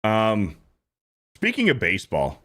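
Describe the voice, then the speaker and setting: A man in his thirties holds forth on his stream, ranting about the clips he watches with lots of swearing and repetition. His pitch swings widely from low grumbles to high outbursts. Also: measured pace. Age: 30s. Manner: animated, repetitive, profane ranting. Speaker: streamer host reacting to clips. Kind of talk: casual reaction commentary.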